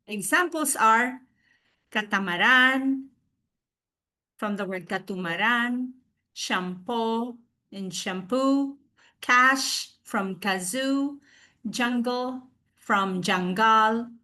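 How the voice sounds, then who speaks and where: A woman giving a recorded presentation over a video call. She speaks with many fillers and restarts, and she slowly sounds out example pronunciations. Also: fairly high pitch, bright, forceful tone. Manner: hesitant, with frequent fillers and restarts.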